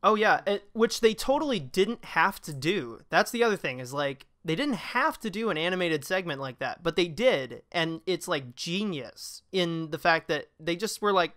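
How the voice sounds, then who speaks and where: A man who is a guest in a casual movie review chat, talking quickly and with enthusiasm, rattling off comparisons to other films. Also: high voice, lively intonation, a bit bright.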